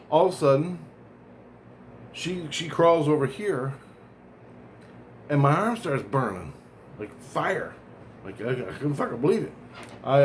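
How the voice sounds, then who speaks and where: A man's voice: on the high side, slight background noise. A man vlogging, telling a long personal story in a rambling, profane way, often restarting and correcting himself. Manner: profane, digressive, self-correcting.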